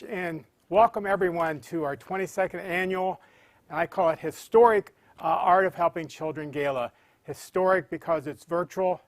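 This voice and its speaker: A man's voice: high voice, no echo. A man who heads a charity, giving an earnest, heartfelt welcome speech. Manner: earnest, warm-hearted address. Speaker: charity president and CEO.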